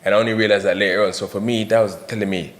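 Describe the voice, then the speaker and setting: Fast-talking man telling stories. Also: fairly low pitch. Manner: animated storyteller, acts out quoted voices. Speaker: podcast guest. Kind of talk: casual chat.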